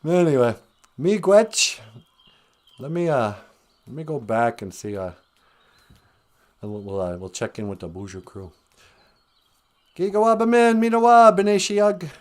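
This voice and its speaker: A man hosting a casual live-stream podcast, teaching words in an unhurried, musing way and chuckling often. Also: fairly low pitch, darkish tone.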